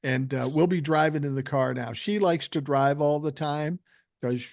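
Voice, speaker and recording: An older man casually telling profane, animated stories as a guest on a podcast. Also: on the high side, normal speed, gravelly, no room sound, studio quality. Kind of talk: casual storytelling chat.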